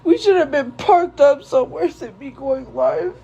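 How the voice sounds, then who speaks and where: A young woman streamer speaking to viewers in a tearful, halting way, grief-stricken and repeating herself. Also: high-pitched, creaky, dark tone, dull audio. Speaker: live streamer. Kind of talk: emotional monologue to viewers.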